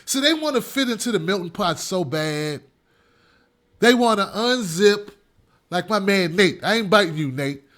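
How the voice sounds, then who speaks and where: A man's voice: high-pitched, lively intonation, normal speed, fairly bright tone. A man hosting his own show, delivering an emphatic, repetitive opinion monologue with a ranting edge. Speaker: show host.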